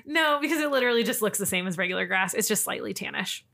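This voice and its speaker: A woman's voice: mid-range voice, expressive, fast, vocal fry, sharp tone. Woman, podcast co-host, casual storyteller, mid-range voice, giggly and loose. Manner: chatty, laughs often, trails off and restarts. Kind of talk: casual chat, telling cryptid stories.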